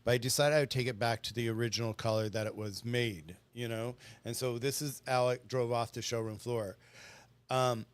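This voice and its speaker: A man's voice: mid-range voice, steady tone, normal speed, clear, resonant tone. A middle-aged man chatting as a guest, telling stories in an earnest, rambling way. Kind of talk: casual storytelling chat.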